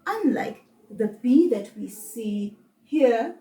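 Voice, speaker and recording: Slow, sing-song South African teacher woman. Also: on the high side, sing-song, dark tone, distant mic. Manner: encouraging, sing-song, repeats words slowly for kids to echo. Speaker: children's language teacher. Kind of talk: slow, patient children's lesson.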